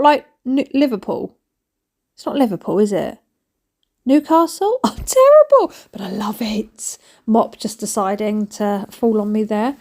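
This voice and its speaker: A woman's voice: mid-range voice, a little mellow. Chatty woman vlogging her clean-up. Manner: chatty, self-mocking, rambling asides. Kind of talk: chatty voice-over while cleaning.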